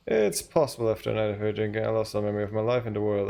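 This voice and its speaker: Gravelly-voiced man with a cold, playing games. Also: lowish voice, racing, warm tone. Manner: rambling, thinking aloud. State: has a cold. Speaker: gaming channel host. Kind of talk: casual let's-play commentary.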